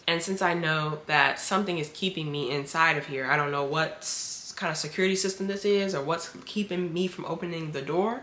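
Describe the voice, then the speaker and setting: Low, bright-toned woman telling a story. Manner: dramatic, animated storytelling with acted-out quotes. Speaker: vlogger. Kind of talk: storytime narration. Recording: echoey room.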